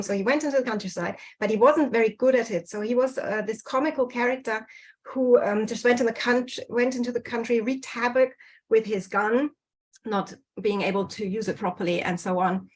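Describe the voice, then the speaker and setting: A woman's voice: fairly high pitch, poor audio. A woman giving an online slide talk over a video call, speaking hesitantly with many fillers and restarts. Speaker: speaker presenting on dialect history.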